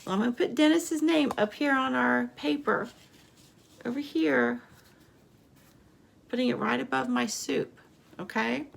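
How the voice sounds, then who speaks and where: Slow patient woman teaching small children. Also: a little high, creaky, slight background noise. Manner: slow, patient, sing-song prompting, spelling letters aloud. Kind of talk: remote lesson for young children.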